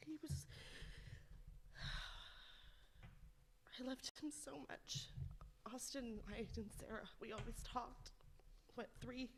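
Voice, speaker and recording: A woman's voice: on the high side, drawn-out words, long pauses. Emotional woman giving a eulogy, noisy recording. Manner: emotional, storytelling, dropping to whispers. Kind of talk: eulogy at a funeral service. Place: funeral home.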